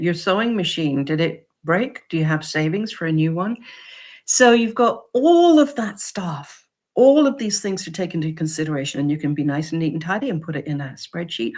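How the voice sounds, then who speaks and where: A woman vlogger who makes upcycled clothing, giving casual, encouraging advice to camera and acting out customers. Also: lowish voice. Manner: encouraging, lively, acts out customer quotes.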